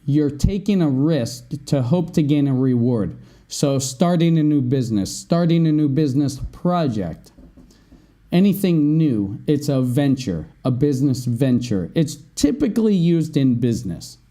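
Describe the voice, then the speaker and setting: Male podcast host teaching vocabulary; mellow tone, unhurried delivery. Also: mid-range voice, expressive. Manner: explains slowly, often asks "right?". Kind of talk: vocabulary lesson.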